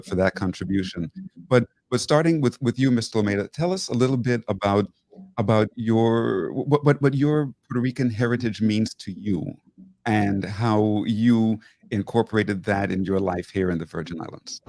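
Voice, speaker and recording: Male host in his 50s, lowish voice, halting, repetitive delivery, dry close sound. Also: no echo. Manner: warm, repetitive phrasing with many restarts. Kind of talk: television interview.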